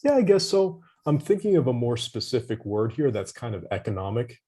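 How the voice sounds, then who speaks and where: A man's voice: medium pitch, big pitch swings, brisk, dark tone, slightly rough. A man tutoring English vocabulary over a video call, patient and encouraging, giving hints and praise. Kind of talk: online vocabulary lesson.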